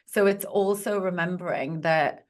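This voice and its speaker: A woman's voice: lowish voice, a little slow. A woman speaking as a podcast guest and positive psychologist, talking in an earnest, encouraging coaching tone. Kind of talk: podcast conversation.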